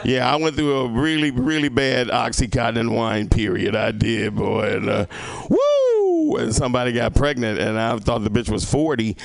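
A man's voice: medium pitch, steady tone, normal speed, creaky, hardly any pauses. A male stand-up comedian doing a rambling, profane set and teasing the audience. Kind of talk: stand-up set with crowd work.

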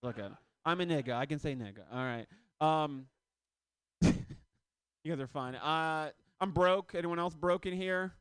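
A man in his thirties doing a loose stand-up set on a club stage, with shouted punchlines. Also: a little high, unhurried, long pauses, smooth, dry recording. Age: 30s. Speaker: stand-up comedian.

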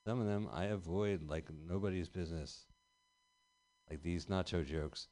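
A man in his thirties performing a rambling stand-up set with deadpan delivery in a small venue. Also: low-pitched, normal speed. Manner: rambling deadpan delivery with bursts of loud emphasis. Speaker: stand-up comedian. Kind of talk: stand-up set at an open mic.

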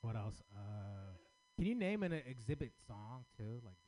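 A man's voice: on the low side, big pitch swings, measured pace, dark tone. A man offering notes to a fellow comedian, hesitant and rambling. He keeps breaking off into crude riffs as he talks. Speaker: fellow comedian giving feedback. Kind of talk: casual chat.

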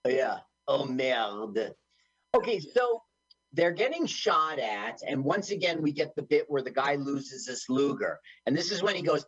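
A man's voice: mid-range voice, sing-song, a little slow, a bit bright, breathy edge, no echo, dull audio. A man co-hosting an internet radio show, joking his way through a movie and acting out its lines in silly voices. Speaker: podcast co-host. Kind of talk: casual movie commentary chat.

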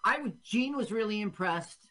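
A man's voice: high-pitched, lively intonation, normal speed, pushed and bright. A man hosting a radio show and interviewing a guest. He gives short, encouraging replies and asks open questions. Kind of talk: casual interview chat.

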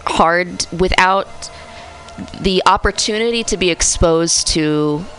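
A woman's voice: lowish voice, slow, fairly bright tone, soft background music, rough recording. A woman from the US Midwest talking casually as co-host of a radio show, thoughtful and prone to restarting her sentences. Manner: thoughtful, restarts often, laughs easily. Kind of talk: casual conversational talk. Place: small radio studio.

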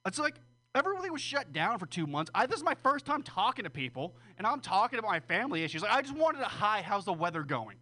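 A man's voice: extremely high pitch, big pitch swings, fast talker, bright, forceful tone. A man doing a rambling, crude, self-deprecating stand-up set on a small stage, laughing nervously between jokes. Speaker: stand-up comedian.

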